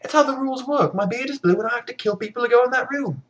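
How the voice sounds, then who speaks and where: Narrator doing a blue-bearded wife-killer, high-pitched, whiny, exasperated, comic storytelling. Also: fast, a bit bright, lo-fi sound, close to an everyday voice. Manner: high-pitched, petulant complaining.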